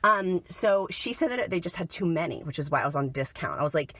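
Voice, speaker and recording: A woman's voice: on the low side, animated, brisk, fairly bright tone. Chatty woman vlogging a shopping haul. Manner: chatty, upbeat, talks to viewers as y'all. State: a little sick. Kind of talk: casual shopping haul vlog.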